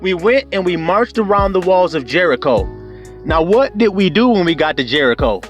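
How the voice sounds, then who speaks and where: A man preaching a fervent sermon, calling out to his listeners with whoops and shouts. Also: high-pitched, very animated, moderate pace, soft background music.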